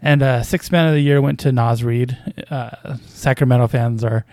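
A man's voice: mid-range voice, fairly even intonation, normal speed, warm tone, no echo. A man casually commenting on basketball news as a podcast host, with a hesitant, wry delivery full of fillers and small chuckles.

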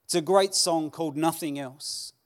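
A man preaching a Sunday sermon, earnest and pleading, with dramatic pauses. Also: a little high. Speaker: pastor. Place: church hall.

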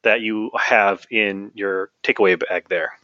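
A man playing a tabletop game speaks in a measured, careful way, pausing on frequent fillers. The sound is dry and a little dull. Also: lowish voice, fairly even intonation, sharp tone, no room sound. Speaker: player. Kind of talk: tabletop game play and in-character talk.

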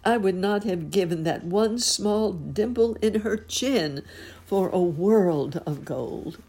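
A woman's voice: medium pitch, lively intonation, takes it slowly, dark tone, breathy edge, voice pushed up, heavily acted. Woman voicing a pleading remorseful old king. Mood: anguished.

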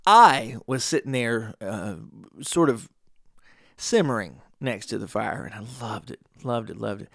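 A man's voice: medium pitch, creaky, a bit bright, dry recording, studio quality. A middle-aged man hosting a podcast, telling a rambling story in a casual monologue with frequent asides to the listener. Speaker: podcast host.

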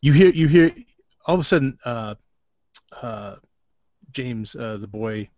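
A man narrating as game master in a tabletop game, halting and full of restarts. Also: mid-range voice, animated, a little mellow, dry recording. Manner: halting, many fillers and restarts. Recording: dry, dull lo-fi sound.

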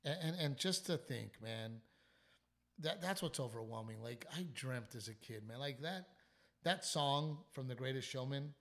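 A man's voice: mid-range voice, moderate pace, gravelly. Sick, sleepless man telling a story. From South Texas. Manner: animated, swearing, trailing restarts. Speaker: comedian and podcast host. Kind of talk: casual storytelling chat.

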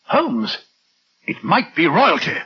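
An actor playing a bluff, easily flustered doctor sidekick in a radio drama. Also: male voice, on the high side, wildly swooping pitch, slow pace, husky, heavily acted. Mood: puzzled. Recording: dull lo-fi radio recording.

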